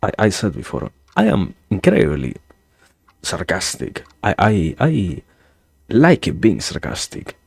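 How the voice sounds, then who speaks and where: Deep gravelly man musing aloud. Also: huge pitch swings, dry recording. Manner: halting, many restarts and self-corrections; musing, wry. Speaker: streamer. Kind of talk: rambling philosophical monologue. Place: home streaming setup.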